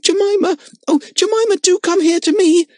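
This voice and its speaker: A man's voice: very high-pitched, moderate pace, darkish tone, dry recording, clean studio sound, voice pushed up. A man doing a shrieking, sobbing little girl. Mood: frantic. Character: frantic little circus girl.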